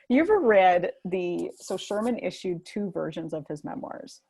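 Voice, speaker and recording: A woman's voice: medium pitch, moderate pace, warm tone. A Canadian woman co-hosting a casual chat show, reading out viewer comments, swearing freely and laughing often. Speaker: podcast co-host.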